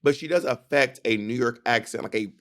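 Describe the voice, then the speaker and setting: A man's voice: mid-range voice, a little fast. A man co-hosting a casual chat, talking with opinion and quoting others in voices. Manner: opinionated, animated storytelling with quoted voices. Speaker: podcast co-host.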